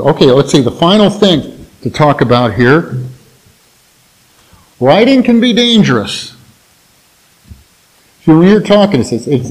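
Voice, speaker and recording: A man's voice: on the high side, a little mellow, low-quality recording. A man giving an informal Bible teaching to his church in a plainspoken, folksy, conversational way.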